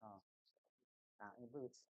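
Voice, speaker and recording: A woman hosting a casual live stream at home, chatty and repeating her catchphrases in excited bursts. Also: rumbling low, slow pace, dry recording.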